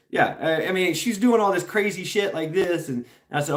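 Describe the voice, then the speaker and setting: A man's voice: sits high, normal speed, hardly any pauses. A middle-aged man from Tennessee, telling a rambling story to his stream chat, laughing often, swearing freely and restarting his sentences.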